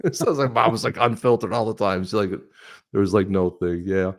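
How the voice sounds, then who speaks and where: Co-hosting a livestream, a sixty-something man rambles through stories in casual conversation, laughing frequently. He speaks at normal speed in a voice on the low side.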